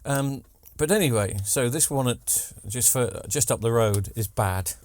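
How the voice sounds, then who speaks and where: A man with a mid-range voice rambles unhurriedly through a TV repair vlog in a dry recording. It's casual workshop chatter, peppered with joking asides and lots of ums.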